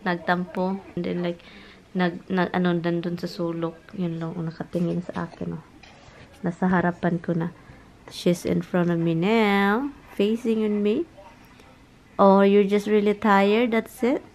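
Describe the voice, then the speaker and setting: A woman's voice: mid-range voice, a little mellow, low-quality recording. A woman with a Filipino accent, vlogging at home and cooing baby talk to her dogs, slipping into Tagalog. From Philippines. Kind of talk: casual vlog talking to her dogs.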